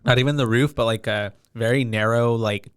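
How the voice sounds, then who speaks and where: A man recaps a horror film with his co-host, slipping into the characters' voices and cursing freely. His voice is smooth and clear, with average pitch. The sound is dry and close. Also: brisk, no echo. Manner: animated storytelling with profanity, acts out quoted lines. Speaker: podcast co-host. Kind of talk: casual movie recap chat.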